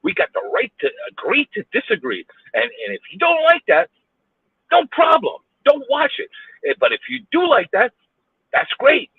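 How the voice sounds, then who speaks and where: Brief: New York guy venting behind the wheel, high lively voice, husky, phone-quality sound. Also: normal speed, no echo. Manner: exasperated, repetitive, rhetorical questions, swears. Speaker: vlogger ranting while driving. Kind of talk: angry road rant. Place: in a car in city traffic. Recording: tinny phone-like audio.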